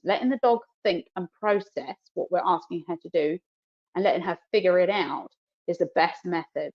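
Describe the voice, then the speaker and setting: Brief: female dog trainer, New Zealand accent, live webinar demo, explaining and praising, dull lo-fi audio. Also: mid-range voice. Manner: explains while cueing the dog, soft praise.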